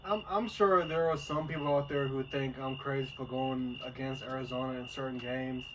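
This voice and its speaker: A man's voice: mid-range voice, fairly even intonation, moderate pace. A man co-hosting a casual sports podcast, teasing and rambling, often repeating words as he goes. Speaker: podcast co-host. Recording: distant mic with clear background noise.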